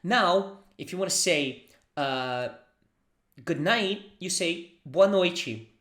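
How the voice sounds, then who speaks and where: A man's voice: sits high, expressive, takes it slowly, a bit bright. A Brazilian man with a Brazilian accent teaches Portuguese phrases in English, patiently drilling them for the listener to repeat. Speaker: language teacher. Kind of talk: language lesson. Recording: roomy echo.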